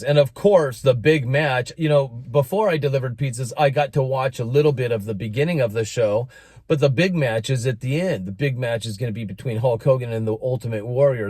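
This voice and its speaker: A middle-aged American man telling a personal story in a casual monologue, animated and expressive. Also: medium pitch, no echo. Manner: animated, breaks into announcer-style shouting when quoting.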